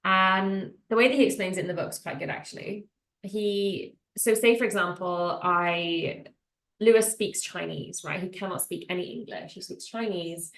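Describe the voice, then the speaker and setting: A woman in her late twenties co-hosts a podcast, chatting casually, teasing her partner, and poking fun at herself. Her voice is fairly low and fairly even in intonation, at a moderate pace. The recording has a roomy echo.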